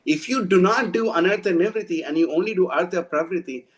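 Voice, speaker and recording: A man's voice: high voice, fast, low-quality recording. A man giving an informal devotional talk, blunt and scolding, often restarting his sentences. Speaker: devotional preacher.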